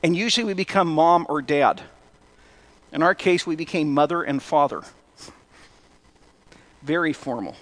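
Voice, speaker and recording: A middle-aged male pastor with a high voice preaches a relaxed, conversational sermon. He breaks in with wry, self-deprecating asides. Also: moderate pace, pauses often.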